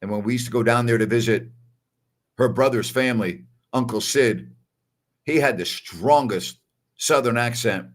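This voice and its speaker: This man, who has a New York accent, chats casually on a postgame livestream at normal speed in a mid-range voice. Reading viewer comments aloud, he keeps pressing his points with repeated tag questions.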